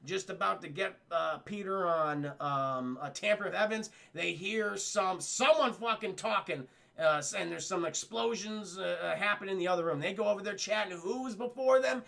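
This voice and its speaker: A young man recapping a cartoon episode on a livestream, rambling, swearing, and talking to his chat. His voice is high and bright with a gravelly fry. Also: normal speed. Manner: rambling, profane, addresses chat. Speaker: cartoon reviewer streaming.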